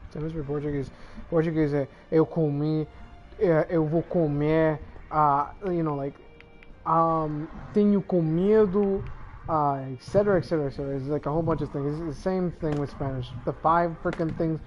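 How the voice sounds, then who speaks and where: A man's voice: on the high side, fairly even intonation, fast talker, highs cut off, a little hiss or hum. A man hosting a casual gaming chat, rambling and sliding into Spanish and Portuguese phrases. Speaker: channel host.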